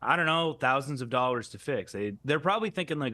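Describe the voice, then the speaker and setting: This young man tells stories in an animated voice, climbing up high and dropping low as he goes. He chuckles through his lines, and the recording is close and dry, like a podcast mic. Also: quick pace, hardly any pauses, no echo. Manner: animated, laughs through his story, drops into a gruff growl for quoted lines. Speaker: podcast co-host. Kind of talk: casual comedic storytelling.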